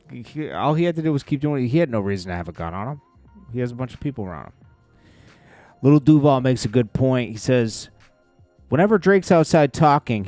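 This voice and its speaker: A man with a somewhat low voice hosts a casual news commentary, rambling and chuckling at his own remarks. The sound is dry and close, with faint music underneath. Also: darkish tone, dry recording. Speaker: host. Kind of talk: celebrity news commentary vlog.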